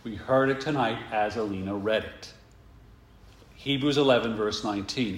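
A male pastor preaching a sermon, emphatic and full of rhetorical questions, slowing down to stress his points. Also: on the low side, reverberant.

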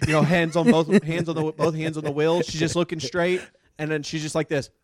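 A man casually telling a long work story, rambling with fillers and getting animated as he acts out what people said. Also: a little high, normal speed.

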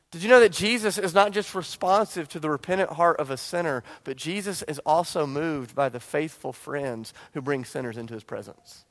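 A man with a somewhat high voice delivers a sermon from a church. He retells scripture as a vivid scene and builds to emphatic, rapid bursts. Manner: animated storytelling, rising to emphatic bursts. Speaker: pastor. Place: church sanctuary.

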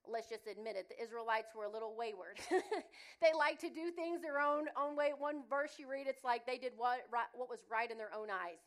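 A middle-aged woman with a Southern accent, giving a sermon and telling funny family stories in a chatty, expressive way. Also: fairly high pitch. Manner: chatty, humorous, expressive storytelling. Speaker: guest speaker.

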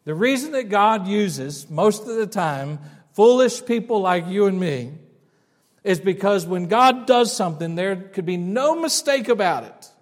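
A man's voice: high voice, expressive, unhurried. A middle-aged man preaching a sermon as a pastor, telling a story in a conversational way and often restarting his words. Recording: long church reverb.

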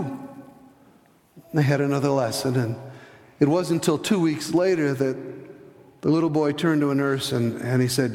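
A man's voice: unhurried, long pauses. Man preaching in a reverberant hall. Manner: storytelling, acts out voices in anecdotes; hesitant restarts, drops to soft low tones for emphasis. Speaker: pastor. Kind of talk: sermon.

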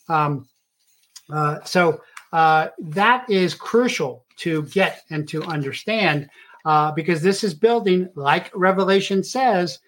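Middle-aged man, slightly high voice, rambling host monologue heavy on fillers. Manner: rambling with many filler uhs. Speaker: show host. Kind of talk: casual monologue.

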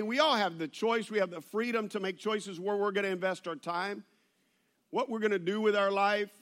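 A male pastor, preaching a sermon to his church and telling stories in an animated way, with many restarts. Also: high-pitched. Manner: animated storytelling with laughs and restarts.

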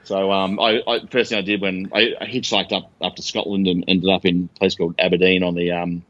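Deep-voiced Australian man telling stories. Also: fairly quick, no echo, lo-fi sound. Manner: rambling, animated anecdotes with acted-out quotes. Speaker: guest. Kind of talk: casual storytelling interview.

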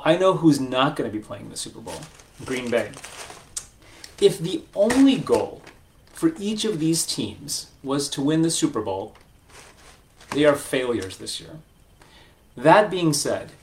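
A man's voice: medium pitch, a little hiss or hum. A man who works as a financial advisor talks to camera in a chatty, joking way, full of asides. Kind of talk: casual talking-head video.

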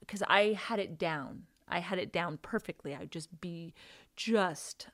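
A woman in her thirties or forties sharing an emotional faith testimony, earnest and sometimes hushed. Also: lowish voice, a little slow. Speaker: guest sharing her story.

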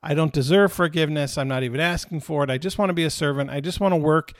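A man's voice: on the high side, fast talker, dry recording, natural voice. Man playing a young prodigal son in a parable retelling, everyday voice, dry close sound. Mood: humble. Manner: pleading, self-abasing.

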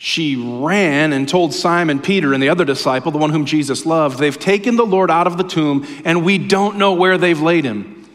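A male pastor preaching and reading scripture aloud, with dramatic swings between loud emphasis and hushed passages. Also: fairly high pitch, normal speed. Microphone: camera-facing preaching mic. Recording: long hall reverb.

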